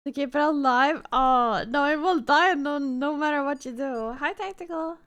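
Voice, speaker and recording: A woman's voice: sits high, moderate pace, fairly bright tone. A woman livestreamer chatting casually with her viewers, greeting them by name and teasing them with plenty of swearing. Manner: profane, teasing banter with chat. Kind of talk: casual live-stream chat.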